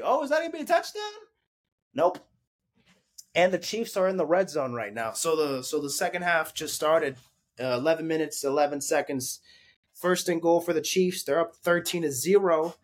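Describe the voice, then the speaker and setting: A man hosting a casual sports recap, rambling and cursing as he reacts excitedly to games. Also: fairly high pitch. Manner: excitable, profane, rambling fan talk. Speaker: sports podcast host.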